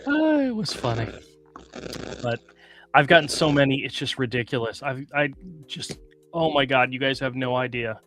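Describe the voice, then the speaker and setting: A man's voice: mid-range voice, expressive, normal speed, over music. A man hosting a casual live stream, rambling through stories in a self-mocking way and laughing often. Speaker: podcast host. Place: small room with some echo.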